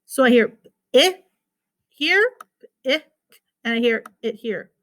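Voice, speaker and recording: A woman's voice: on the high side, animated, takes it slowly, fairly bright tone. A woman teacher giving a recorded phonics lesson to children, patiently repeating words and sounding out their syllables.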